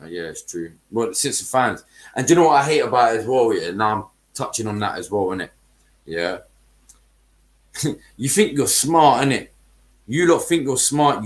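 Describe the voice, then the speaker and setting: A man hosting a football podcast, ranting heatedly in casual chat, swearing and using heavy street slang. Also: lowish voice.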